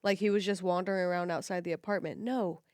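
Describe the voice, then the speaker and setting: A woman co-hosting a podcast in casual chat, chatty and quick to correct and add details, with some swearing. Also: on the low side, steady tone, darkish tone, clear, resonant tone, dry recording, studio quality. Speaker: podcast co-host.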